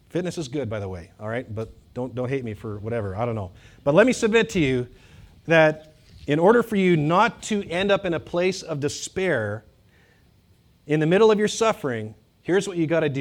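A fairly high-voiced man preaching a sermon in a church. He gets worked up into loud, emphatic runs, then drops to soft, wry asides to his congregation. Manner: animated, swings from loud emphatic bursts to quiet asides. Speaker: pastor.

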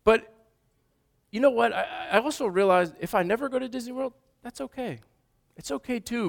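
A man's voice: very high voice, moderate pace, vocal fry. A man in his thirties, a father of toddlers, preaching an earnest, conversational sermon with frequent restarts. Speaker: pastor.

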